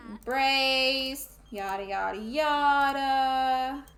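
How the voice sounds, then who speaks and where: A woman's voice: high voice, steady tone, very slow, fairly bright tone, roomy sound. A woman playing a life simulation game, chatting playfully and scolding her characters. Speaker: gamer streaming a life sim. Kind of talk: casual let's play commentary.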